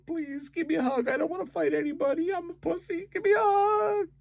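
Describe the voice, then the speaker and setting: A man's voice: extremely high pitch, steady tone, a little fast, creaky, pitched above the performer's own voice. A man putting on the voice of a cowardly male hockey player who whines and pleads for hugs. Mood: whining.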